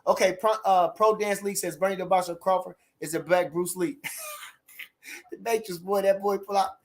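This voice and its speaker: A middle-aged man hosting a casual livestream, animated and repeating catchphrases as he chats. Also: sits high, moderate pace. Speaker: livestream host.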